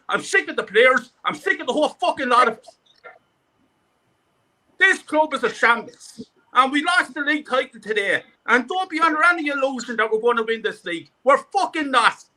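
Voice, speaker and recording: A man's voice: extremely high pitch, pushed and bright. A man calling in to rant angrily about his football team, sweary and repetitive. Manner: furious, sweary, repetitive ranting.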